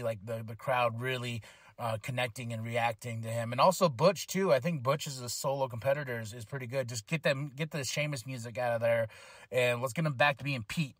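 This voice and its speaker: A man hosting a solo podcast, recapping a wrestling show in a casual, excitable way and acting out quotes with lots of fillers. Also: medium pitch, dry recording, clean studio sound. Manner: excitable, chatty, acts out quotes. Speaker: podcast host.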